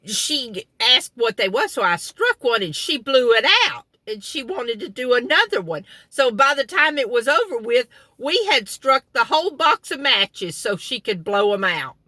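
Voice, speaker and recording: A woman's voice: fairly high pitch, sing-song, normal speed, few pauses, sharp tone, no echo. A middle-aged woman telling folksy family stories in a casual vlog, chuckling as she talks, sitting in a car. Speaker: vlogger. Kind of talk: casual storytelling.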